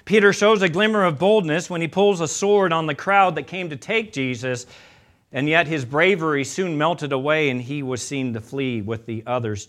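Man, sermon, high-pitched, bright tone, storytelling preacher. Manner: storytelling delivery, acts out quotes with quieter, slower voices.

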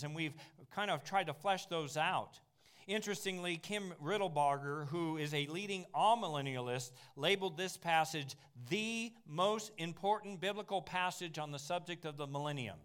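A man teaching a Bible class in an animated sermon style, slowing down on key phrases and making asides to the room. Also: fairly high pitch, clear, resonant tone.

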